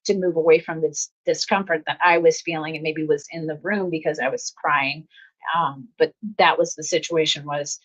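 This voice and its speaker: A woman's voice: sits low, steady tone, moderate pace, fairly bright tone. A middle-aged woman hosting a casual self-help talk, speaking earnestly and often repeating her phrases. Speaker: host. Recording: slightly dull lo-fi audio.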